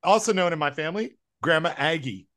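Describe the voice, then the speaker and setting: A man from the American South co-hosting a casual podcast chat, rambling and self-deprecating, quick to laugh. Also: a little high, animated, bright, forceful tone, no room sound, studio quality. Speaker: podcast co-host.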